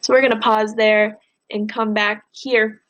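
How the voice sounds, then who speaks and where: A woman's voice: medium pitch, measured pace, highs cut off. Woman teacher reading aloud. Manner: plain, steady reading with instructions to students. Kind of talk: reading a novel aloud and giving a recorded lesson.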